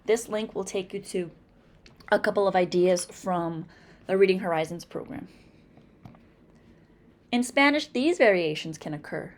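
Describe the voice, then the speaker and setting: Slow, deliberate teacher woman from Massachusetts. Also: mid-range voice. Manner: slow, deliberate, over-articulating example words. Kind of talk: phonics lesson narration.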